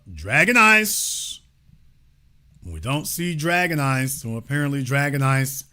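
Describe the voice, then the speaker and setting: A man's voice: on the high side, fairly bright tone. A man hosting a political talk show, giving emphatic commentary and repeating his points for stress. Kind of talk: animated commentary to a live audience.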